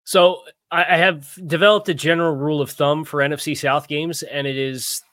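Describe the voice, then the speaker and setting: Bright, dry-voiced man breaking down stats. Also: on the high side, steady tone, a little fast, dry recording. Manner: analytical, wry, lists numbers. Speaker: podcast panelist. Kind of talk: casual sports chat.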